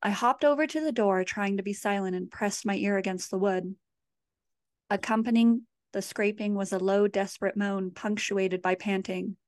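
A woman reads her horror fiction aloud in a measured, steady way. Her voice sits at a middling pitch, and the recording is dry and close, with no room sound. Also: no echo. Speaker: author. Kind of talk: horror story reading.

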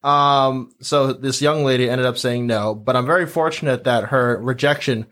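A man's voice: medium pitch, moderate pace. A man from the Boston area hosting a casual panel chat, telling stories and acting out quotes. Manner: animated storyteller, acts out quotes. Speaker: podcast host.

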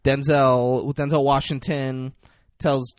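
A man in casual chat, retelling a film scene in an animated, profane way. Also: mid-range voice, slow, no room sound, clean studio sound.

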